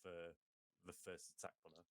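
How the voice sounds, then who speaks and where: A man's voice: fairly quick, slight background noise. A man, playing a tabletop role-playing game in a cheeky, laughing manner with heavy swearing. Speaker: player.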